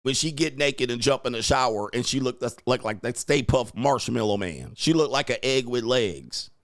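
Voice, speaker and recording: A man's voice: medium pitch, lively intonation, normal speed, no room sound, clean studio sound. A man hosting a show, ranting crudely, mocking his listeners and breaking into laughter as he acts out their voices. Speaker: podcast host and dating coach. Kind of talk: crude comedic rant.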